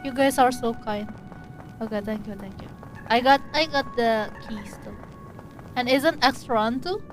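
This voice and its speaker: A woman's voice: a little high, a little slow, soft background music. A woman streamer giving casual gameplay commentary, jumpy and giggly, easily startled.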